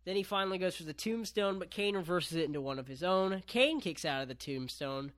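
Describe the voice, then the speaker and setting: A man's voice: high voice, lively intonation, brisk, fairly bright tone. A man casually recapping a wrestling match on a podcast, laid-back, with lots of ums and casual swearing.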